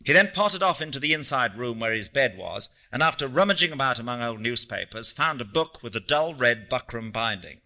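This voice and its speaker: A male narrator reads literary prose at a measured, descriptive pace. His voice is strikingly bright and crisp, sitting at a middle pitch for a man. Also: expressive. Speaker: audiobook narrator.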